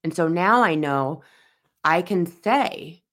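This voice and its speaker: A woman's voice: on the low side, lively intonation, slow, a bit bright. A woman in her forties, speaking as a podcast host in an earnest, personal monologue that leans on emphatic repetition. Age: 40s.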